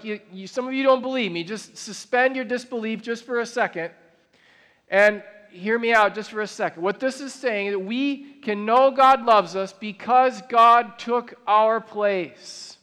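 A man with a rather high voice delivers an earnest sermon, slowing into weighty, drawn-out phrases for emphasis. His words ring out with a long reverb, as in a large church auditorium. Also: fairly bright tone, clean tone. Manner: earnest, builds to emphatic slow declarations. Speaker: pastor.

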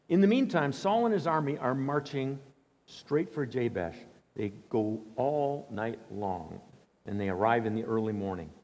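A man preaching a storytelling sermon, animated and dramatic, acting out quotes. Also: mid-range voice, in a large hall.

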